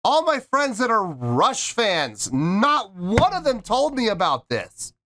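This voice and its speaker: A man hosting a music reaction show, talking casually with animated, mock-indignant joking. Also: high voice, takes it slowly. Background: song playing faintly.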